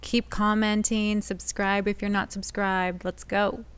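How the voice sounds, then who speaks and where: A woman co-host speaks in an even, level tone with a smooth, clear voice. She sounds a little off-mic, distant from the microphone. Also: medium pitch, measured pace. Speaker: stream co-host reading chat.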